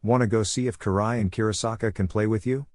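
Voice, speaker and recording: A man's voice: on the low side, steady tone, quick pace, darkish tone, no room sound, natural voice. A man voicing a cheerful, teasing young ninja father in a fan-fiction reading.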